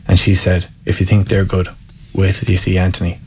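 An Irish man in his thirties, a former footballer, telling self-mocking stories in a relaxed chat. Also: sits low, fairly quick, slight background noise. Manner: self-mocking, animated anecdotes with laughs. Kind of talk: casual storytelling.

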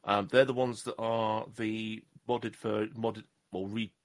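Guy cohosting a sim racing podcast, lowish voice, loose and chatty, keeps restarting. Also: level tone, slow. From Southwest England. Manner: rambling, jokey, trips over words. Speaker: podcast co-host. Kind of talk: casual chat.

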